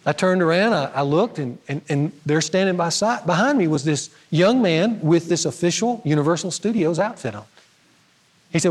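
A male pastor delivers a sermon with a fairly high voice, moving between lively, loud storytelling and quiet, emphatic moments. His voice carries a long reverb, as if recorded live in a church sanctuary. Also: normal speed. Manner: storytelling with humor, animated swings in pitch and loudness.

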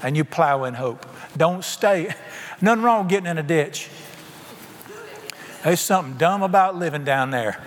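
Animated folksy preacher in a reverberant hall. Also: male voice, moderate pace, pauses often. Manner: folksy, animated storytelling with sudden pitch jumps. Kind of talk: sermon. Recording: reverberant hall with faint ambience.

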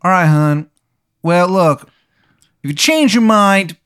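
A man's voice: lively intonation, takes it slowly, a bit bright, smooth, heavily acted. A man voicing a shady stranger with a terrible, gurgling Baltimore accent in a tabletop game. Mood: wheedling. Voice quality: gurgling, exaggerated accent, high-pitched.

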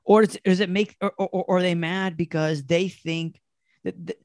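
A young man riffs in a loose, comic chat, stumbling through restarts and laughing at his own jokes. His voice sits fairly high, and it sounds dry and close with no room around it. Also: fairly even intonation, moderate pace, darkish tone, no room sound. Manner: rambling, laughs often, many restarts. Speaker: podcast host. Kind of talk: casual comedic chat.

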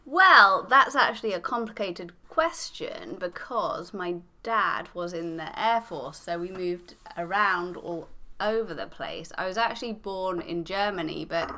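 A woman's voice: lowish voice, expressive, unhurried, pushed and bright. A woman from England, a podcast guest, explaining step by step in a matter-of-fact casual chat.

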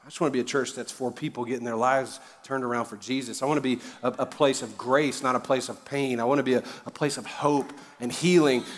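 A pastor delivers his sermon in a casual, joking way, then suddenly presses hard on key words. His voice sits at a middle pitch. The sound rings out in a large church hall with a long reverb. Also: fairly even intonation, fairly quick, hardly any pauses. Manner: joking, conversational preaching with sudden loud emphasis. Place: church auditorium.

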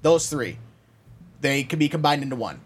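A man's voice: fairly high pitch, animated, normal speed, breathy edge. A man co-hosting a crude podcast, ranting with lots of swearing into a home mic. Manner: profane, ranting, emphatic. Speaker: podcast co-host. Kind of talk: crude casual podcast banter. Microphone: home podcast mic with mute button.

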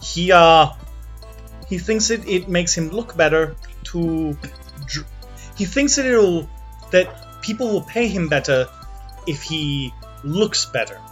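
A man voicing a rambling, bumbling male cart driver in a clumsy fake Russian accent, with halting, broken grammar. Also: fairly high pitch, animated, a bit bright, soft background music.

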